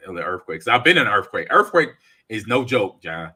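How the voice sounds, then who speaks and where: A man hosts a casual gaming podcast with a bright, forward voice. He tells stories in an animated way and reads chat comments aloud. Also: lowish voice, normal speed, slightly rough. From United States. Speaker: podcast host.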